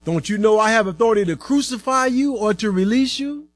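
A man voicing an anxious Roman governor, raising his voice high and pleading. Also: expressive, fairly quick, dry recording. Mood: pressing. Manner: raised, pleading, emphatic.

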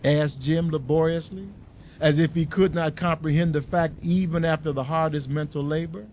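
Man, slightly high voice, deliberate preaching, faint background hiss. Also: fairly even intonation, a little mellow. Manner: slow, deliberate emphasis on words. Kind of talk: story reading then sermon.

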